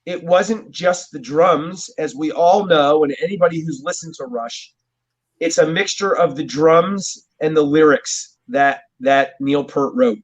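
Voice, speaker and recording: A man's voice: a little high, measured pace, breathy edge. Rambling man on a dull lo-fi line. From New Jersey, USA. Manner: rambling, storytelling, chuckles often. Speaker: guest drummer. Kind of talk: casual interview chat. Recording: dull, muffled lo-fi sound.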